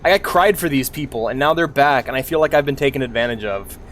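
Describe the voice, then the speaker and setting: A man's voice: mid-range voice, fast, a bit bright, a little hiss or hum. A young adult man streaming a game, ranting casually and animatedly, swearing and laughing often. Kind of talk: casual rant while gaming.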